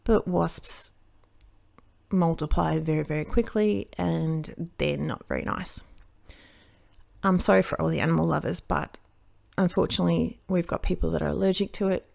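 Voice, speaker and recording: An Australian woman who makes cards chats casually as she crafts, her low voice gravelly and a little mellow at a moderate pace. She tells a long, rambling story that keeps interrupting itself.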